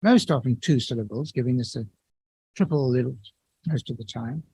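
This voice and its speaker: A man giving an academic lecture in a measured, explanatory way, with occasional restarts. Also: medium pitch, dark tone, husky, rough recording.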